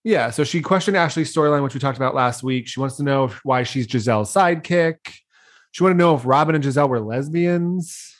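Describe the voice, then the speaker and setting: A woman's voice: extremely low pitch, a little fast. A woman co-hosting a podcast, recapping a reality show in a dry, dismissive, casual way with frequent laughs. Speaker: podcast co-host.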